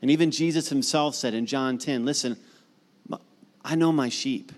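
A middle-aged man preaching a sermon as pastor, conversational and animated, building to emphatic repeated lines. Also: mid-range voice, moderate pace. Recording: long hall reverb.

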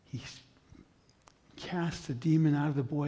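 Dramatic male preacher in an echoing hall. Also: fairly high pitch. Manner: dramatic storytelling, long pauses, builds to loud intensity. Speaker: pastor. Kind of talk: sermon.

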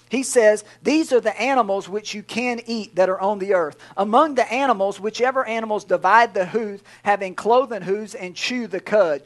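A middle-aged pastor with a drawl delivers a sermon in a high voice. He talks in a folksy, joking way and leans hard on key words. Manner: folksy, jokey preaching with emphatic swells.

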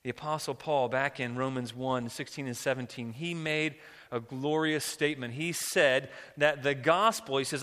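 A man's voice: mid-range voice, steady tone, moderate pace, fairly bright tone, clean tone, big-room sound. A man preaching a sermon as pastor, earnest and vivid as he tells a story and prays.

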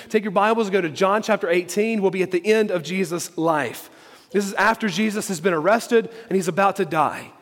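A man's voice: sits high, in a large hall. A man preaching a sermon, emphatic, repeating key phrases for stress. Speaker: pastor.

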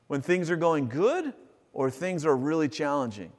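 A man preaches to his congregation, moving between animated, everyday talk and reading scripture aloud. His voice sits a little high for a man. The sound rings with the long reverb of a church hall. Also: moderate pace. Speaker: pastor. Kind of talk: sermon.

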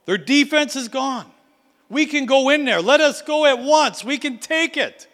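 A preacher puts on an urgent, rallying young warrior, his voice pitched high and carrying through a big hall with long reverb. The figure presses his people to charge ahead. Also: lively intonation, measured pace, fairly bright tone, full character voice. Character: bold young male warrior urging attack.

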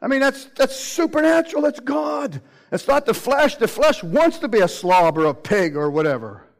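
A man preaching a sermon with animated delivery, acting out the voices he quotes. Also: very high-pitched, normal speed, low-quality recording.

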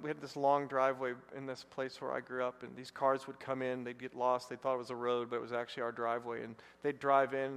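A male pastor preaching a sermon, telling a personal story and rising to loud, excited bursts. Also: mid-range voice, smooth. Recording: long hall reverb.

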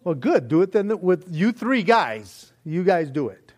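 A man preaching a sermon in a joking, animated way, acting out little prayers and voices as he goes. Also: high-pitched, measured pace. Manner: animated, jokey, acts out quoted prayers and voices. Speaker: pastor.

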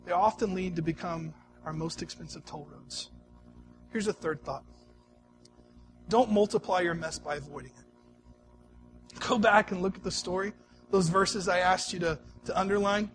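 A male pastor delivering a sermon in a conversational, storytelling way, swinging between soft, quiet stretches and emphatic ones. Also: extremely high pitch, moderate pace, slight background noise.

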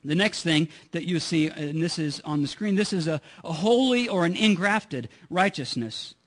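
A man's voice: on the high side, expressive, moderate pace. A middle-aged man preaching a sermon in a conversational way, often repeating words as he restarts. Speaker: pastor.

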